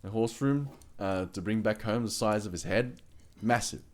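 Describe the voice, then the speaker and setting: A man's voice: lowish voice, moderate pace. A man co-hosting a tabletop game podcast, recapping the session in a laid-back way with lots of fillers. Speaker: player, co-host. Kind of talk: casual podcast chat.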